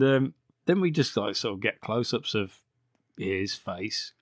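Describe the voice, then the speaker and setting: A man's voice: on the low side, no room sound, studio quality. A man hosting a podcast, sarcastically recapping a bad film with frequent swearing and laughter. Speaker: podcast host.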